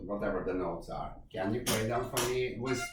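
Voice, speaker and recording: A man teaching a one-on-one violin lesson, direct and demanding, giving quick commands between a student's playing. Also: lowish voice, over loud music. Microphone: far camera. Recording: echoey room from far off, loud violin.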